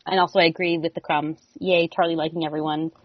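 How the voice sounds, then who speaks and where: A woman co-hosting a podcast, casually listing what she liked in an episode with many pauses and "um"s. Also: sits low, flat delivery, slight background noise. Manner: easygoing, many "um"s. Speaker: podcast co-host. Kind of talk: casual TV recap chat. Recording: dry, muffled lo-fi audio.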